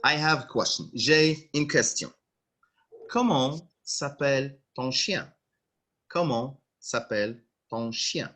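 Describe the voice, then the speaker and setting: A man's voice: mid-range voice, slow pace, pushed and bright. A male French teacher giving an online language lesson over a video call, patiently repeating phrases.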